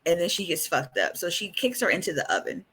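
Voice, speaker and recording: A woman co-hosting a casual podcast chat, retelling scenes with animated energy and frequent swearing. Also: on the low side, quick pace, slight background noise. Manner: animated storyteller, acts out scenes; swears freely. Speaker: podcast co-host.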